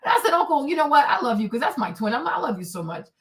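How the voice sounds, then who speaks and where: High-voiced woman in her forties ranting. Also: fast talker. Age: 40s. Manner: emphatic and animated, swinging between shouting and low asides. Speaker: livestream host. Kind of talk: candid solo livestream rant.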